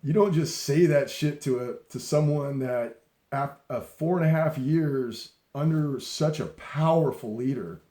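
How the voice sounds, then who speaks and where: Brief: middle-aged man, mellow tone, rambling emphatic storyteller, echoey room. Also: a little high, measured pace. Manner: rambling, emphatic, laughs often, frequent restarts. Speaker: speaker sharing leadership stories. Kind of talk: casual storytelling talk.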